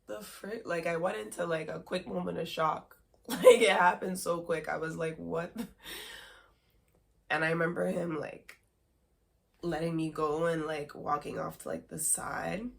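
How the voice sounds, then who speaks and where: A woman's voice: low voice, fairly even intonation, unhurried, creaky. A woman hosting a podcast, telling a personal story candidly in a rambling way with many filler words and nervous laughs. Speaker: podcast host.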